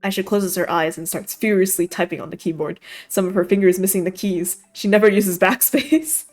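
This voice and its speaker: A woman's voice: lowish voice, a little fast, darkish tone, faint music behind. Giggly woman streamer narrating a visual novel. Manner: giggly, with frequent laughter between narration.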